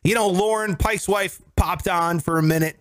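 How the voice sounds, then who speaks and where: A man's voice: high voice, moderate pace, fairly bright tone. A man in his thirties hosting a casual podcast, joking and teasing his co-hosts in banter. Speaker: podcast host.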